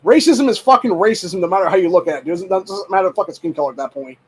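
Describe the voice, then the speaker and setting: A man's voice: sits high, very fast, few pauses, breathy edge, poor audio. A man hosting a show, ranting angrily in heated, profane, rambling commentary full of fillers. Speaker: show host. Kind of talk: angry political commentary rant.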